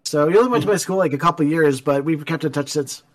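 A man from Canada with a fairly high speaking voice co-hosts a relaxed movie commentary. He talks with eager energy, restarting his sentences and leaning on "like" as he goes. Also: fast talker. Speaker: podcast co-host.

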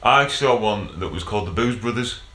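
A man's voice: lowish voice, animated, fairly quick, fairly bright tone, echoey room. A man chatting casually as a podcast co-host, jokey and rambling, tripping over his words. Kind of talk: casual banter.

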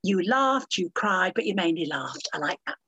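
An older woman telling lively anecdotes as an interview guest, theatrical and calling people dear and my love. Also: on the low side, normal speed, breathy edge.

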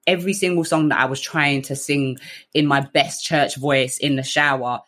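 A woman with a British accent tells her life story candidly and conversationally, full of fillers and restarts, acting out other people in raised voices. She has a bass voice that is steady and a bit bright, at normal speed.

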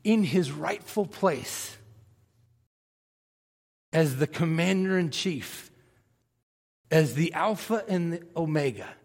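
A man's voice: a little high, animated, takes it slowly, gravelly, pauses often, a little mellow. A man, a pastor, preaching a conversational sermon and asking his congregation questions. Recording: long reverb of a large hall.

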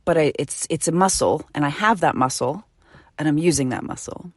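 A middle-aged woman hosting her own podcast, speaking earnestly and from the heart, sometimes dropping to a soft whisper. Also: low voice, fairly quick, slightly rough, dry recording, clean studio sound. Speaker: podcast host. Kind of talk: intimate solo podcast monologue. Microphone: studio microphone.

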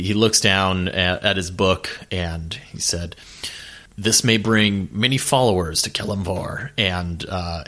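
A man describing his character's actions in a tabletop game, hesitant and halting. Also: deep voice, a bit bright. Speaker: player. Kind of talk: casual tabletop play.

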